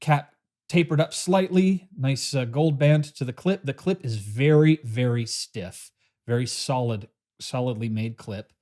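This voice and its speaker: A man hosting a casual pen review, talking in a relaxed, chatty way with frequent pauses and fillers while he shows the box and pen. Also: medium pitch. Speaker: pen reviewer, channel host.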